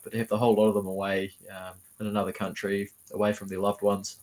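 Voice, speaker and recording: Male co-host, lowish voice, halting, repeats words, casual fan chat. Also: level tone, darkish tone. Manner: hesitant, repeats words while thinking. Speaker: podcast co-host.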